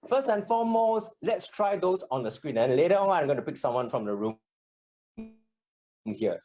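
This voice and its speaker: A public speaking trainer runs a live workshop from a meeting room, with listeners also joining on a video call. The voice sits at a middle pitch but swings widely up and down. Example lines get acted out with animation. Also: slight background noise. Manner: animated, acts out example sentences.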